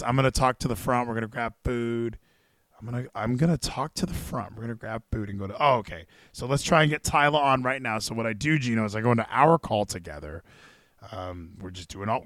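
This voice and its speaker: A man hosting a live wrestling stream. He chats casually and excitably, swears freely and thinks aloud as he goes. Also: mid-range voice, no room sound, clean studio sound. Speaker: stream host.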